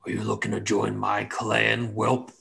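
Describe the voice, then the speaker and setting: A man voicing gruff male orc warriors who question a stranger bluntly and with menace, as part of a tabletop game. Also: lowish voice, monotone, unhurried, pushed and bright, full character voice. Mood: menacing.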